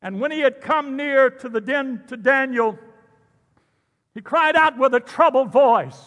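A man preaching a sermon, animated and jokey, calling out to the congregation. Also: very high voice, unhurried, long reverb tail. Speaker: pastor.

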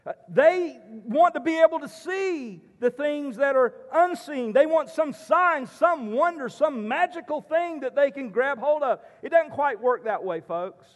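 High-voiced pastor in a reverberant hall. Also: male voice, expressive, unhurried, hardly any pauses. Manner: preachy, folksy storytelling with frequent "uh" fillers. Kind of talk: sermon.

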